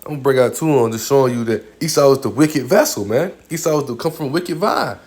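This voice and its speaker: A man teaching scripture in a casual, informal way, often adding "man", stammering on repeated words and slowing down to read verses aloud. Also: mid-range voice, lively intonation, darkish tone, breathy edge. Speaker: religious speaker.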